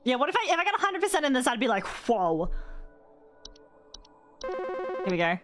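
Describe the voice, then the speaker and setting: A young woman streams a game, reasoning out loud and getting excitable at her discoveries. Her voice sits fairly high and swings widely in pitch. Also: normal speed, soft background music. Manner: excitable, thinking aloud. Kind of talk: live game stream commentary.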